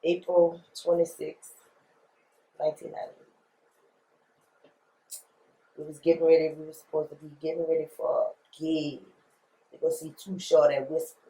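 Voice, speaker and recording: In a roomy, echoing space, a woman with a deep, mellow voice speaks at a moderate pace with a flat delivery and long pauses. She's a New Orleans rapper being interviewed, recounting her story bluntly and emphatically, with slang and repeated phrases.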